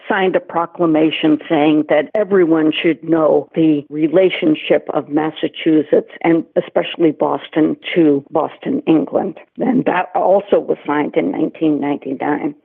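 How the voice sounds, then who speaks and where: A woman guest historian answering interview questions in a measured, storytelling manner, with clear enthusiasm. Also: sits low. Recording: tinny phone-like line.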